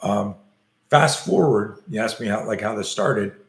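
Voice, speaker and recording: Animated man telling a story. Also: on the low side, measured pace, gravelly, reverberant. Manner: animated storyteller acting out scenes and screams. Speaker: self-defense coach. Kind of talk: storytelling in an interview.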